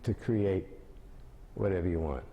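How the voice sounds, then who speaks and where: A man in his seventies explaining mime and telling jokes with lively storytelling, his voice rising high as the stories build. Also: measured pace, muffled recording. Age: 70s. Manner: animated storytelling with big pitch jumps.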